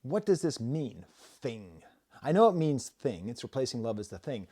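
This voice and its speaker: A middle-aged man hosts a casual music review video, rambling through his points with self-deprecating jokes. His voice is warm and mellow, sitting at an ordinary pitch. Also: very animated, fairly quick, slightly rough. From United States.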